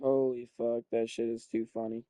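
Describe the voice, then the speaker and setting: A young man giving casual, profane commentary while playing a video game, thinking out loud and getting excited. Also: mid-range voice, normal speed, no echo. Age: young adult.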